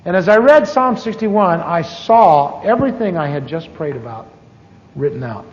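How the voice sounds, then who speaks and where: A middle-aged man tells his conversion story from the pulpit in a candid, storytelling manner with wry asides. His voice sits high. The archive recording sounds muffled, with a long hall echo. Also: expressive, normal speed, a little hiss or hum. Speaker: preacher. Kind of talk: testimony sermon.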